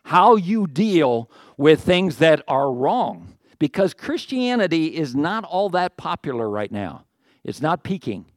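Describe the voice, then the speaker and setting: A middle-aged male pastor with a voice on the high side preaches while out of breath, treating his sermon like a conversation full of asides, self-mocking humor, and questions posed to the congregation. The recording is studio quality and echo-free.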